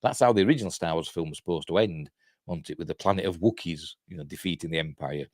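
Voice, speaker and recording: A man's voice: low voice, fast talker, a little mellow, no room sound, studio quality. A man with a Yorkshire accent hosting a casual live news round-up. He reads articles aloud and breaks off into chatty, rambling asides. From Yorkshire, England. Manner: reads articles aloud then comments on them. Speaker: host.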